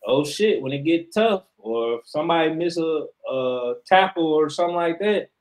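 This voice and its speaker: A man's voice: on the high side, animated, normal speed, poor audio. A man co-hosting a sports podcast, talking in a casual, emphatic and profane way as he argues his opinion. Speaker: podcast co-host.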